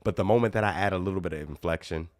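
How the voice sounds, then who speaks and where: A man's voice: low-pitched, rapid-fire, no room sound, studio quality. A man teaching guitar in a casual live Q&A, chatting easily and reading out viewer comments.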